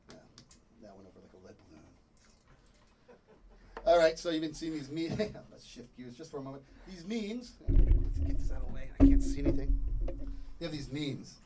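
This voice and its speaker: A man doing a stand-up comedy set on a club stage, rambling and joking, acting out little scenes with sudden shouts. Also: medium pitch.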